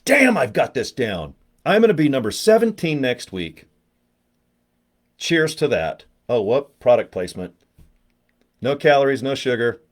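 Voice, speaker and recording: A man with a medium-pitched, sing-song voice hosts a casual live stream promoting products, speaking at a measured pace with long pauses. He rambles, jokes, pokes fun at himself, and addresses chat viewers by name.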